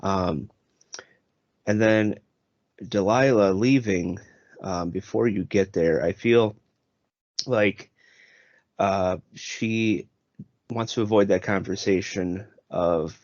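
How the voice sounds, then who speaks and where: A man with a very deep voice gives a measured, thoughtful take in a casual podcast discussion. He pauses on um and uh as he works out his points. The recording is dry and muffled. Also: a little mellow, no room sound. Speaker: podcast panelist.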